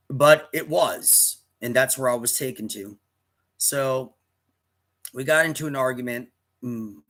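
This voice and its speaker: With a mid-range, fairly bright voice, a man in his fifties tells a personal story to camera in a casual, rambling manner, frequently breaking off to restart and self-correct.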